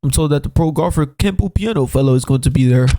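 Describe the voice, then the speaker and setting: A man putting on a smooth posh older father. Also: on the high side, quick pace, mellow, no room sound, pitched below the performer's own voice, close to an everyday voice. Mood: reassuring. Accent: put-on British.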